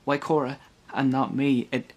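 An actor playing a police detective who gives brisk orders and then questions an old colleague uneasily. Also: male voice, mid-range voice, flat delivery, natural voice. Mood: troubled. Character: troubled detective hunting a killer.

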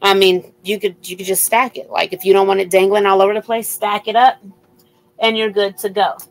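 Chatty woman with vocal fry, selling jewelry. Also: medium pitch, flat delivery, brisk, low-quality recording. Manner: chatty, repeats item numbers, upbeat selling patter. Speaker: live-stream jewelry seller. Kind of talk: casual live sales chat.

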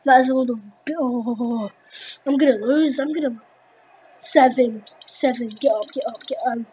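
A teenage girl, commenting on her gameplay in an excitable, rambling way with lots of fillers. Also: a little high, moderate pace, slight background noise, low-quality recording. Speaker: gaming video host.

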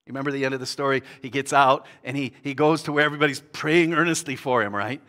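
A man, a guest pastor, preaching a sermon that swings between loud bursts and hushed, tender passages. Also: medium pitch, fast.

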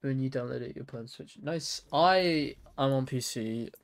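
A man's voice: medium pitch, unhurried, vocal fry, slight background noise. A young man on a casual gaming livestream, joking and bantering playfully with a friend. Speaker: streamer.

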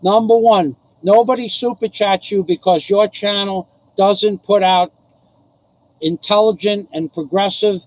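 A man's voice: high-pitched, steady tone, measured pace, a little mellow, dry recording, rough recording. A man hosting a casual live stream, chatting with viewers, laughing often and ranting with profanity. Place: home in the Philippines.

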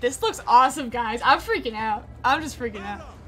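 A woman streamer chatting excitedly through live gameplay, laughing often. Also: a little high, normal speed, soft background music. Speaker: gaming streamer. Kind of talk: casual live gameplay commentary.

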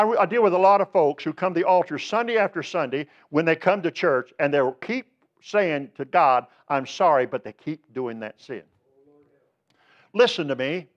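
A man's voice: fairly high pitch, dull audio. A male pastor preaching a sermon, emphatic and repetitive, pressing points home with direct appeals to the congregation.

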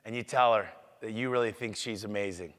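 Energetic man giving a business talk. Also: on the low side, a little fast. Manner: energetic, acts out customer dialogue. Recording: echoey hall.

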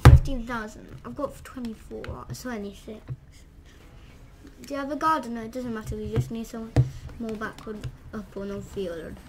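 A woman giving casual gameplay commentary, excitable and trash-talking, with lots of "literally" and "like". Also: on the high side, very noisy. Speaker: gamer. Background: game music.

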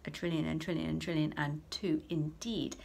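A woman's voice: deep voice, little pitch movement, moderate pace, vocal fry. A woman voicing an old, mild-mannered male maths teacher in a storybook reading, lecturing with patience. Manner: patient, lecturing, turns sharp when irritated.

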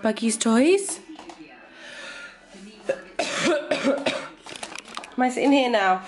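A woman's voice: fairly high pitch, lively intonation, very slow, a little mellow. A young English woman vlogging at home, encouraging her baby with sing-song baby talk and chatting to the camera. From Cheshire, England. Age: young adult. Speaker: vlogger and mother. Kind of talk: casual home vlog. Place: home living room.

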